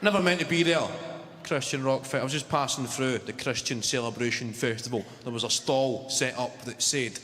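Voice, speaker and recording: A man's voice: mid-range voice, normal speed. Glaswegian man doing stand-up. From Scotland. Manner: storytelling with mimicked voices, punchy delivery. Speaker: stand-up comedian. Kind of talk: stand-up comedy set. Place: comedy venue stage. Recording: reverberant venue with loud audience noise.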